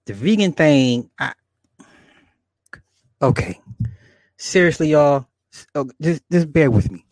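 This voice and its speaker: A man's voice: a little high, expressive, slow pace, a little mellow, dry recording, clean studio sound. A man in his forties hosting a casual livestream, rambling and swearing, laughing often and talking straight to his viewers. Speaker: livestream host. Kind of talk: casual livestream chat, reading comments.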